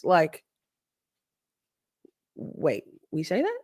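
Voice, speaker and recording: A woman recaps a trial in casual livestream commentary, chatty and sarcastic, often acting out quotes in different voices. Her voice is a little high and a little mellow, very animated, with drawn-out words and frequent pauses.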